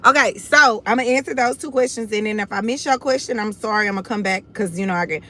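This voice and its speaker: A woman's voice: medium pitch, fast talker, bright, forceful tone. A young woman with a Houston accent, talking casually and bluntly to viewers on her own livestream. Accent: Southern US, Houston. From Houston, Texas. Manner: confident, blunt, addresses viewers as y'all. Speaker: livestream host.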